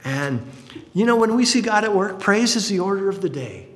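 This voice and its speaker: A male pastor preaches a sermon at normal speed in a fairly high voice, his intonation lively and swooping as he slips into character for quotes. The long reverb of a large hall fills the recording.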